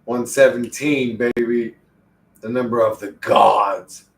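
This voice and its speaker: A man's voice: mid-range voice, fairly even intonation, slow, creaky, echoey room, recorded from a distance, low-quality recording. A man chatting casually and profanely on a live stream, joking and getting easily worked up.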